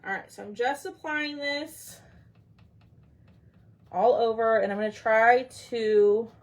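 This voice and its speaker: A woman's voice: a little high, slow. A woman hosting a casual craft tutorial livestream, chatting with her viewers and her pets while she works.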